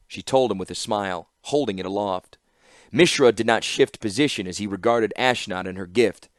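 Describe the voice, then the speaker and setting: A man narrating an audiobook in an expressive storytelling style. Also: lowish voice, normal speed, no room sound, studio quality. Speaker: audiobook reader.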